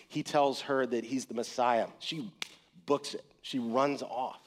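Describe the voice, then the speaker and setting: A man preaching a casual, talky sermon, retelling the scene in everyday words and acting out the voices of the people in it. His voice sits at an ordinary middle pitch, and he swings from loud and punchy to quiet and slow. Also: a little hiss or hum. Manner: conversational, animated retelling with acted quotes.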